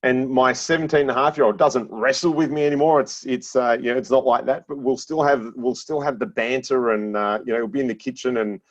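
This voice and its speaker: A middle-aged man, a podcast guest, chatting casually and telling animated stories, laughing often and restarting his phrases. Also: medium pitch, brisk, few pauses. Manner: animated storyteller with frequent laughs and repeated restarts. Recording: dull lo-fi sound.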